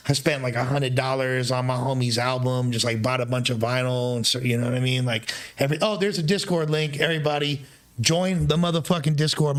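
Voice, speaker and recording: A man's voice: mid-range voice, a bit bright. Profane rambling young man streamer. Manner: profane, rambling, loose slang. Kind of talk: casual livestream storytelling.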